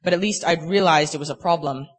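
A young man giving a personal faith testimony, earnest and halting, with many filler words. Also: fairly high pitch, a bit bright, breathy edge. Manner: earnest, halting, full of "you know" fillers. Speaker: speaker sharing a personal testimony.

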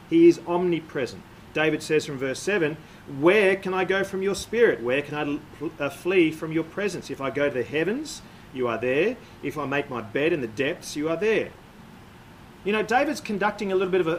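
A man preaching a sermon in a measured, explanatory way, with frequent "uh" and "um" fillers. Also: on the high side, slight background noise, low-quality recording.

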